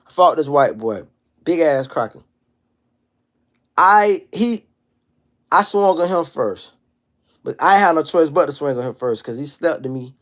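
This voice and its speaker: Animated, profane man in his thirties. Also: a little high, measured pace, long pauses. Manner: animated, profane street storytelling. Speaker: livestream host. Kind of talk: casual livestream monologue.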